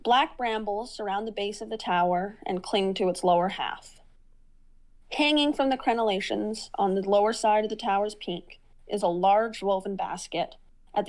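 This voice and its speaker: A woman acts as game master for a tabletop role-playing game, narrating descriptively but haltingly and with fillers. She has a mid-range voice, and the recording is rough.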